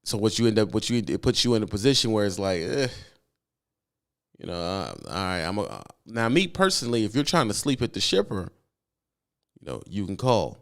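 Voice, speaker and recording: Trucker dude ranting, lively up and down voice, says stuff twice to make the point. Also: male voice, on the low side, fairly quick. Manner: emphatic, repeats himself for effect. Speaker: truck driver. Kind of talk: casual vlog rant.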